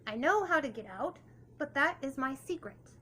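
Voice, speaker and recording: A woman's voice: high voice, expressive, moderate pace, bright, forceful tone, a little hiss or hum. A woman voicing a grumpy old male frog stuck in a well, curt and dismissive.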